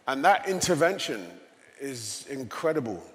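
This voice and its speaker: A man's voice: mid-range voice, very animated, unhurried. A man in his fifties with an English accent, a guest telling stories in an onstage conversation and often adding "you know". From England. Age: 50s. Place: conference stage. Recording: long reverb of a large hall.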